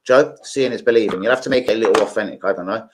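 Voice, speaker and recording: A man's voice: lowish voice, very fast, very noisy. A young man, chatting casually on a live football stream, rambling and swearing with many fillers.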